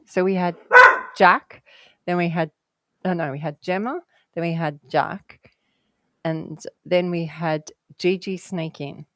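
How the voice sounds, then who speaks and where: A woman's voice: lowish voice, no room sound. A woman guest telling stories in casual conversation, chatty and rambling, laughing often.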